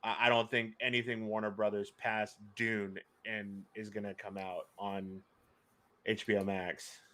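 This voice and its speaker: A man from the United States, co-hosting a casual podcast with relaxed, dry remarks. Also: fairly low pitch, a little slow. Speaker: podcast co-host. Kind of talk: casual chat.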